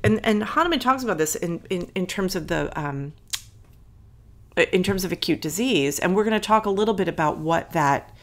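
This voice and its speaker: Low-voiced woman explaining on a podcast. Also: expressive, moderate pace. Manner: explanatory, reads quotations aloud, self-correcting asides. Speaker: podcast co-host. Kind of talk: casual podcast discussion. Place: Philadelphia area.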